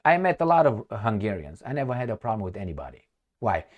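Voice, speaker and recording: A man's voice: lowish voice, very animated, fast, dull audio. Romanian accent guy ranting sarcastic about politics, voice jumps up and down a lot. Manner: sarcastic and scornful, laughs at his own remarks. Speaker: political commentator. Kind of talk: casual opinion commentary reading news quotes.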